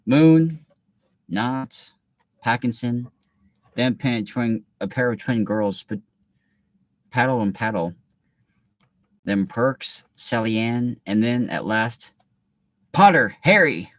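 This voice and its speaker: A man's voice: mid-range voice, steady tone, takes it slowly, long pauses, no echo. A young man reading a children's novel aloud and breaking off into laid-back, filler-heavy commentary. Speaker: reader.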